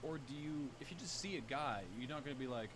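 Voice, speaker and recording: A Canadian man delivers a scripted satirical news segment with a dry, sardonic edge. His voice sits at a middle pitch, and noise runs behind it in the video audio. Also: fast. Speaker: comedy news host.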